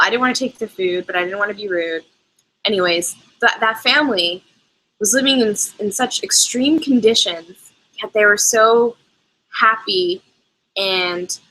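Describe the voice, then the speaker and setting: A young woman hosts a live chat, answering viewers' travel questions. She talks in a loose, rambling way, full of side remarks. Her voice is bright and forward. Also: mid-range voice, low-quality recording. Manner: chatty, rambling with asides. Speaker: travel show host.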